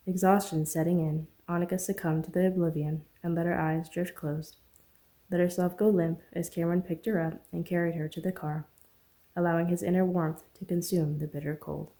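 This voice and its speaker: A woman author narrating her own novel as an audiobook, earnest and steady. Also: fairly low pitch, a little fast.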